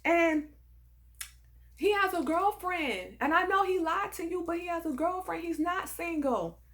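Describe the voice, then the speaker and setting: A woman's voice: extremely high pitch, lively intonation, unhurried, fairly bright tone, pitched above the performer's own voice, full character voice. A woman voicing a frantic young woman caller with a Hispanic accent, pleading and urgent. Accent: Hispanic-accented English.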